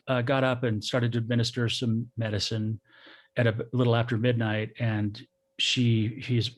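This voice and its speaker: A middle-aged man, a guest on an interview show, telling a personal story in a soft, halting, reflective way. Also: medium pitch.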